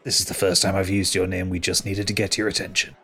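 A man's voice: deep voice, level tone, fast, pushed and bright. A man voicing a smug male bard who stole another's name, theatrical and fawning, with a thread of menace. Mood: menacing. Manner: theatrical, fawning stage patter.

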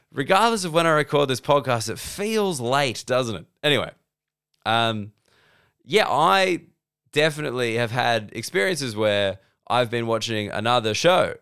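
A man's voice: mid-range voice, animated, a little slow, fairly bright tone, clear, resonant tone. A man with an Australian accent, a comedian hosting a solo podcast, rambling and self-deprecating, swearing freely. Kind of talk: solo casual podcast monologue.

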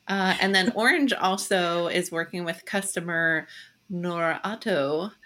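A woman's voice: fairly low pitch, unhurried, fairly bright tone. A woman co-hosting a casual tech news chat, playful and giggly, with many fillers. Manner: giggly, playful, puts on silly accents. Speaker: podcast co-host.

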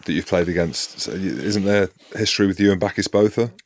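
A man's voice: sits low, fairly quick. A man hosting a podcast interview, asking short probing questions and bantering bluntly. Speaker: podcast host. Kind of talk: casual interview chat.

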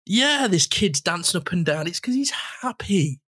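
A man's voice: high voice, big pitch swings, normal speed, fairly bright tone, husky. A man in his thirties hosting a podcast in casual chat, speaking in a heartfelt and emotional way, close to tears. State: tearful. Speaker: podcast host.

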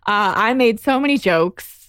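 A woman's voice: fairly high pitch, takes it slowly, no room sound. A woman guest on a podcast, candidly telling a personal story in casual conversation. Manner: candid storytelling, animated when quoting herself.

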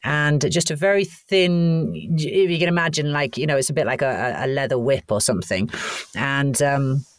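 A woman from Wales, a podcast guest, telling a story in a chatty, animated way that is full of laughs. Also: very deep voice, moderate pace, dry recording. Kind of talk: casual anecdotal storytelling.

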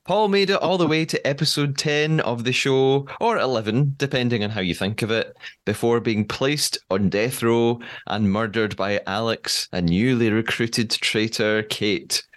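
A man's voice: mid-range voice, unhurried, a bit bright. Upbeat podcast host, man. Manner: upbeat, laughs often. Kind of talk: casual interview chat.

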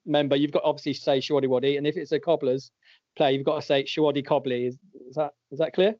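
A man's voice: a little high, steady tone, quick pace, a little mellow, dry recording. Jokey man hosting a quiz. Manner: jokey, laughs often while reading out answers. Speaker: podcast host and quizmaster. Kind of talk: casual podcast chat, running a quiz. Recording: dull lo-fi dry audio.

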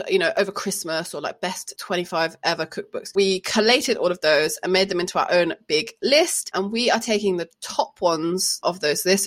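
Woman co-host, medium pitch, playful and giggly. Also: fairly bright tone. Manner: playful, giggly, presents the show's format. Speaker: podcast co-host. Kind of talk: casual chat.

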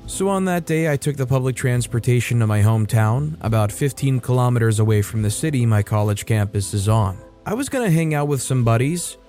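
Male story narrator, conversational reading, warm mellow timbre. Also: medium pitch, lively intonation, fairly quick, few pauses. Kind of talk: reading online stories aloud. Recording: faint background music. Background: soft background music.

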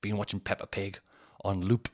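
A man chats on his own podcast. He rambles through his thoughts, pokes fun at himself and swears casually, in a voice that sits a bit low. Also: level tone, normal speed. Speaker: comedian podcast host. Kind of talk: casual solo chat.

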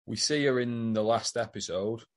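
A man's voice: on the low side, normal speed. A man co-hosting a casual podcast, teasing the others and correcting the details of the plot. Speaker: podcast co-host. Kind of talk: casual chat.

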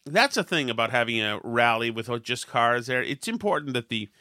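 A man's voice: medium pitch, very animated, normal speed, sharp tone, no room sound, studio quality. A man hosting a podcast, telling a self-deprecating story in casual chat and acting out the quotes with lots of animation. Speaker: podcast host.

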